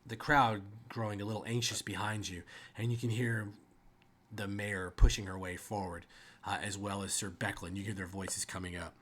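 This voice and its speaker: A man narrating as game master of a tabletop game, slow and descriptive. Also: on the low side, level tone, fairly bright tone.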